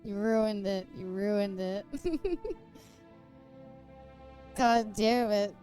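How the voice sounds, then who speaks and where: A woman's voice: mid-range voice, extremely slow, mellow, soft background music. A woman streamer chatting casually and joking while reading aloud, often laughing. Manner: giggly, joking. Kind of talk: casual chat while reading in-game book.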